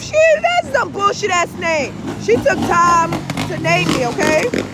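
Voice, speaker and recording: A woman's voice: very high voice, sing-song, unhurried, very noisy. A woman tarot reader talking in a casual, rambling monologue, blunt and full of swearing, with frequent laughs and asides. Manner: profane and blunt, peppered with swear-word fillers. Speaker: tarot reader and spiritual vlogger.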